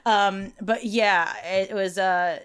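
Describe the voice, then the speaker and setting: Woman podcast co-host, casual and chatty, quick to laugh, mid-pitched. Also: smooth. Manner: chatty, laughs often, animated asides. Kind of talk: casual chat.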